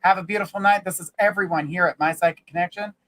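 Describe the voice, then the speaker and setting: An upbeat host of a live talk show tells a joke and signs off, addressing viewers warmly and often. The voice sits at a mid pitch with a friendly, chatty manner. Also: steady tone, quick pace, poor audio. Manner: upbeat, repeats "guys".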